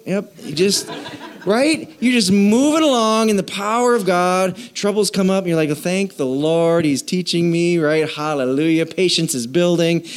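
A man preaching a sermon in an animated, conversational way, acting out quoted voices. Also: sits high. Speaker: pastor.

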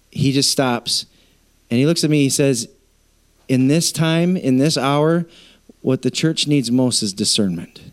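A man's voice: medium pitch, smooth. A man preaching a sermon to his congregation, telling stories and acting out quoted voices in a casual conversational way. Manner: addresses congregation directly. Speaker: pastor. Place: church.

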